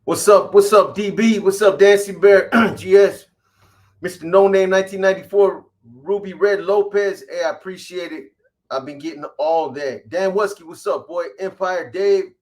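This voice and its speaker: A man hosting a casual livestream, reading off viewer names in quick shout-outs and slangy greetings. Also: high voice, steady tone. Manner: rattles off viewer shout-outs, slangy, calls people boy. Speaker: livestream host.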